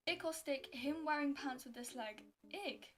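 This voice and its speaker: A woman's voice: sits high, normal speed, a crowd in the background. A young woman, telling stories and reacting in a chatty, exasperated way, full of "like". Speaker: YouTuber. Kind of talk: casual storytelling and reacting. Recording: music playing underneath.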